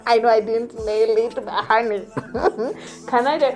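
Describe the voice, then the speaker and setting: A woman's voice: a little high, lively intonation, takes it slowly, pauses often, darkish tone, faint music behind. A woman hosting a celebrity gossip vlog, sassy and teasing, often saying honey.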